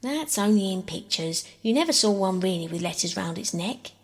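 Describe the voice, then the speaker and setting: A woman's voice: mid-range voice, animated, moderate pace, in a large hall, lightly acted. A woman reading aloud, voicing a boastful, argumentative young boy in a scolding, know-it-all manner. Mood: arguing.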